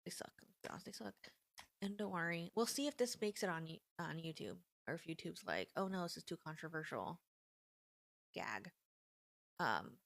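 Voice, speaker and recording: A woman in her thirties hosting a casual live stream, talking in an animated, indignant way and saying "like" often. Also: lowish voice, creaky, dry recording. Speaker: livestream host.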